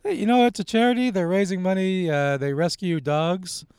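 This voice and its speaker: A man's voice: sits high, normal speed, darkish tone, clear, resonant tone, no echo. A man in his thirties, a comedian guest, chatting casually in a parked car and making dry, wry quips. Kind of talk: casual chat. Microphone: handheld mic.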